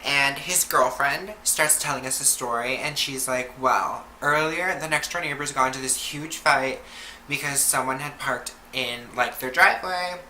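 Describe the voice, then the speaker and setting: A woman's voice: a bass voice, moderate pace, bright, forceful tone. A young woman telling a casual storytime on her vlog, chatty and full of "like" and swearing. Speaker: vlogger. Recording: roomy echo, faint background noise.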